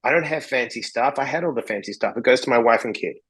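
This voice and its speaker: An Australian man appears as a podcast guest, telling stories bluntly in a casual interview, swearing freely and acting out conversations. His voice is medium-pitched, fast, fairly bright and husky, captured in a rough recording.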